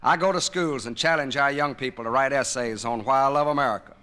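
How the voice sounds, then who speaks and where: A man's voice: mid-range voice, quick pace, sharp tone, smooth. A man giving a patriotic speech to a live audience, telling folksy stories and jokes with emphasis. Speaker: public speaker. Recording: 1970s vinyl record of a live speech.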